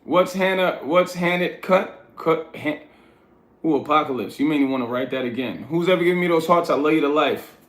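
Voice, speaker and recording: At a moderate pace, a blunt livestream host from New York reads his chat aloud and lectures it casually. His voice is slightly high with a fairly bright tone, and the room gives off an echoey, roomy sound.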